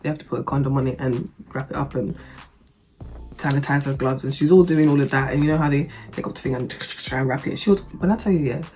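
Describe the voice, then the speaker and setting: A woman telling a story to camera in a blunt, sarcastic, expressive way. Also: rumbling low, fast talker, soft background music. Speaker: vlogger. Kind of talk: animated storytime monologue.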